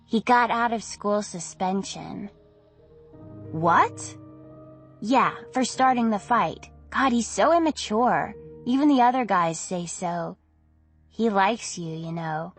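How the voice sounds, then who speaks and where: A woman reading an audiobook, voicing a teenage girl's gossipy, teasing best friend in a chatty, bright manner. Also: mid-range voice, slow, faint music behind, lightly acted.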